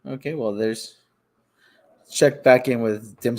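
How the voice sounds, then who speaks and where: A man's voice: fairly even intonation, slow pace, darkish tone. A male host on a casual live stream who coos at his cats in baby talk. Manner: baby-talks to cats in a high coo.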